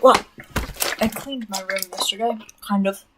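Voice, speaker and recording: A woman talks her way through a livestream, chatty and rambling as she jumps between her own points and viewer comments. Her voice sits at an ordinary middle pitch for a woman. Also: measured pace, noisy background. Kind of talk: casual livestream chat.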